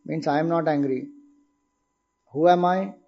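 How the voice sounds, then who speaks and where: A man's voice: on the high side, unhurried, vocal fry, breathy edge, dull audio. A man with an Indian accent giving a spiritual discourse, explaining patiently and asking his listeners questions. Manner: explanatory, asks rhetorical questions. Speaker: spiritual teacher.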